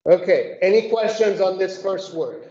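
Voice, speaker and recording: A woman leading a group Bible study, explaining slowly and methodically and often checking in with "okay?". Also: mid-range voice, expressive, dark tone. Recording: echoey room, dull lo-fi sound.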